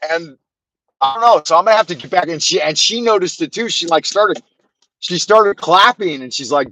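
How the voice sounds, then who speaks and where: A middle-aged man rambles and cracks crude jokes as he talks to his livestream chat. His voice sits a little high for a man. The sound is dry and close, with no room around it. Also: fairly bright tone, no room sound, poor audio. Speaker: livestream host.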